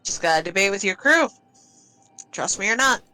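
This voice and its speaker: A woman's voice: medium pitch, animated, moderate pace, bright, forceful tone, faint music behind, poor audio. A woman voicing a blunt, profane woman who grew up on the streets and now serves a Sith, in tabletop role-play.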